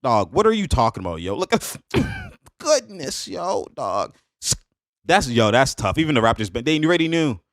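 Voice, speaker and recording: A man reacting to basketball highlights in a hyped, slangy way, laughing often and repeating catchphrases. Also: sing-song, moderate pace, dry recording, clean studio sound. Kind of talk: excited casual highlight reaction.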